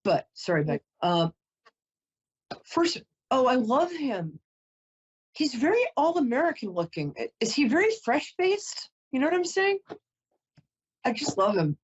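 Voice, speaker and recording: Chatty emotional psychic woman, slightly higher voice. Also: very animated, measured pace, pauses often, husky, highs cut off. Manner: chatty, emotional, apologetic, self-interrupting. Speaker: psychic reader. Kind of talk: live call-in psychic reading.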